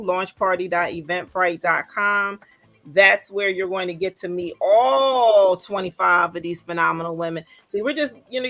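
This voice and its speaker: A woman hosting a casual livestream, upbeat and animated, repeating phrases for emphasis. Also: lowish voice, vocal fry, dry recording. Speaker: livestream host.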